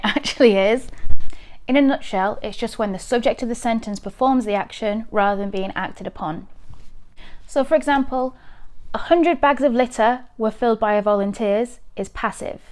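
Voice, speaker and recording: Woman teaching writing tips. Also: medium pitch. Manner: friendly, clear, emphatic on examples. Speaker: host giving writing tips. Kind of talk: casual explanatory tutorial.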